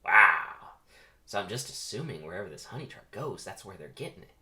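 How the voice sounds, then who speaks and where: An earnest young bee hero, as a man reads him out from a cartoon script. The voice sits low but swings up and down, bright and forceful. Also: very animated, brisk, heavily acted.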